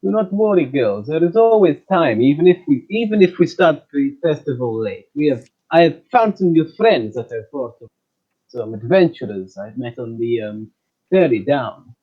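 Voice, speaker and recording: A man's voice: on the high side, animated, normal speed, slightly rough, phone-quality sound. A man voicing a big, strong male Goliath who speaks in a friendly, slightly formal way. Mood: reassuring.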